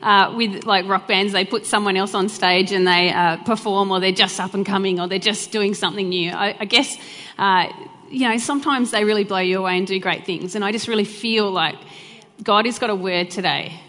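A woman's voice: medium pitch, fairly even intonation, brisk, few pauses, a bit bright. A woman preacher, praying and giving a church sermon with a fervent, heartfelt delivery and chatty asides. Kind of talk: live church sermon with prayer. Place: church hall during a live service. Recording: long hall reverb, faint music.

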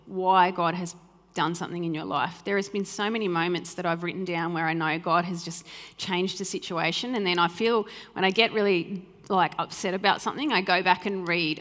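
A woman's voice: on the low side, steady tone, normal speed, hardly any pauses. A woman in her thirties giving an earnest, heartfelt sermon as a pastor, sometimes acting out remembered conversations. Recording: reverberant hall with soft music.

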